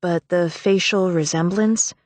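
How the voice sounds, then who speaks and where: A woman's voice: on the low side, fairly even intonation, a little slow, no room sound, lightly acted. A woman voicing a hesitant TV newscaster with a weak voice.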